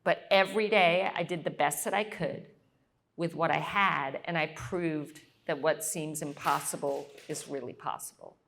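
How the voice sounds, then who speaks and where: Middle-aged woman, lowish voice, lively guest speaker who performs the voices in her anecdotes. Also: moderate pace, creaky. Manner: animated, acts out quoted voices. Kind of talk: storytelling Q&A.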